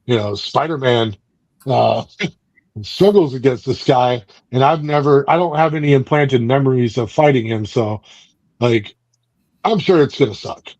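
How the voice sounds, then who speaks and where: A man's voice: medium pitch, a little slow, darkish tone, no room sound. Man doing cocky young hero, blunt, offhand, dry muffled sound.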